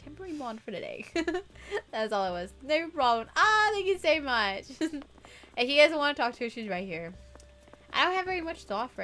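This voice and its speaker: A young woman chatting casually and giggling on a gaming livestream, excitable and quick to squeal. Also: fairly high pitch. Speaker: streamer. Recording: music playing faintly behind.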